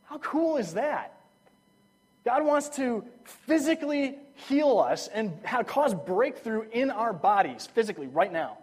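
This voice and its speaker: A man's voice: very high-pitched, big pitch swings, unhurried, darkish tone, slightly rough. A young man preaching a sermon, telling stories in a casual, enthusiastic way with lots of fillers. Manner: casual, enthusiastic storytelling with frequent "like".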